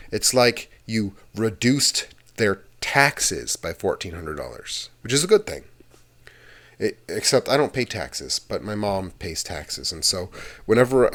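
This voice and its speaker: A young man speaks in a deep, low-pitched yet fairly bright voice while hosting his ASMR channel. The talk is loose and chatty, drifting between topics, and he swears casually every so often.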